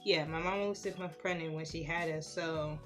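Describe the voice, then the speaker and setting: A young woman talks casually while doing her makeup, her voice on the lower side. She chats and gets animated when she retells her stories, and soft music plays faintly behind her. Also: normal speed. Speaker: beauty vlogger.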